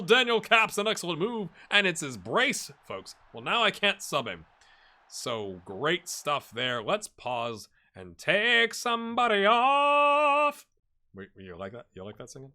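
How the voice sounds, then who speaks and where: A man's voice: high-pitched, unhurried. A middle-aged man giving chatty commentary on his football management game and talking to his viewers. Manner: animated, chatty, talks to viewers and players. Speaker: gaming YouTuber. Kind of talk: casual Let's Play commentary.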